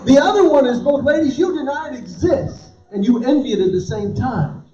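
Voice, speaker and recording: Middle-aged male stand-up comic, very high voice, lively story delivery, recorded from afar with a dull tone. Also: a little fast, a little hiss or hum. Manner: animated storytelling, acting out quoted voices. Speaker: comedian. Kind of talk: live stand-up comedy. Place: dinner event in a large room. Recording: roomy, distant, dull live room sound.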